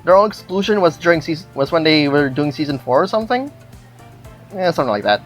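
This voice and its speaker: A woman gaming YouTuber reads through a story and reacts as she goes, often breaking into giggles. Her voice sits a little low but swoops around a lot, and faint music plays behind her. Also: fast talker. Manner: giggly, animated. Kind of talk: reading and reacting to a visual novel.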